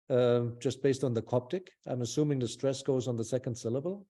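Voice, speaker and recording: A man's voice: medium pitch, brisk, few pauses, dark tone. A man teaching a small language class over a video call, patient and encouraging, thinking aloud with fillers.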